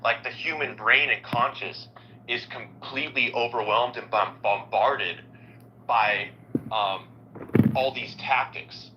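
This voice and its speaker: A man's voice: medium pitch, slow pace, muffled recording, noisy background. A man joining a political podcast as a guest, making earnest, lecturing points.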